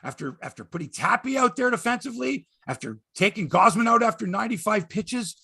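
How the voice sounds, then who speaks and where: A middle-aged man hosts a sports show in an exasperated, emphatic rant. His voice sits high and bright, with a husky, gravelly edge, and it swings widely in pitch. He swears for emphasis and drops from loud bursts to low grumbles. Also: lively intonation, brisk. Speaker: sports podcast host. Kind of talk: ranting sports commentary monologue.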